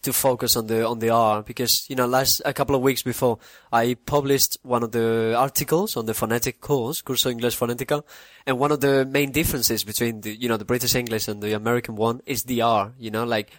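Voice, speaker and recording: A Spanish-speaking man hosting an interview in English, asking questions in a relaxed way, often saying "you know". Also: medium pitch, a little fast, few pauses, no echo. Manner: conversational, leans on "you know". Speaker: podcast host. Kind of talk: casual interview.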